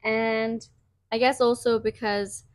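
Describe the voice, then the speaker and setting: Young woman cohosting a chatty podcast, kinda high voice, giggles a lot. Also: little pitch movement, takes it slowly, no echo, clean studio sound. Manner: chatty, giggly, talks in bursts. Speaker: podcast co-host. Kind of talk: casual chat.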